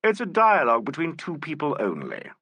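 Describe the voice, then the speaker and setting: Guy doing a smooth polite detective, bit teasing, lively up and down, audiobook. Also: a little high, brisk, no room sound, pitched above the performer's own voice, full character voice. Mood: charming. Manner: courteous, urbane, gently ironic. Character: suave, polite male police inspector. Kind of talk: audiobook character voice.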